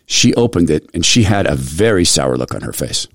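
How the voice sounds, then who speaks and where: A middle-aged male radio host telling a personal story in an animated way, often restarting his sentences. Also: sits low, moderate pace, no room sound, clean studio sound. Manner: animated retelling with repeated restarts. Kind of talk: storytelling monologue.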